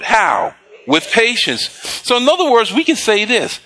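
A man preaching a sermon, reading scripture slowly and pausing to prompt the congregation with call-and-response questions. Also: high voice, lively intonation, bright, forceful tone. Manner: slow emphatic scripture reading. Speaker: pastor.

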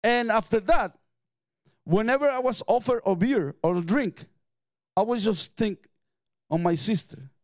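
A man's voice: sits high, unhurried, pauses often, dry recording. A middle-aged man, preaching a sermon in an emphatic way and mixing in personal stories with light chuckles. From Mexico. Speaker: pastor.

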